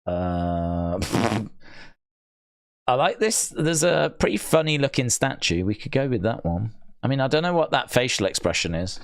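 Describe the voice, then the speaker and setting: A man's voice: medium pitch, big pitch swings, normal speed. A man hosting a live stream, chatting casually with viewers, musing aloud with dry, rambling asides.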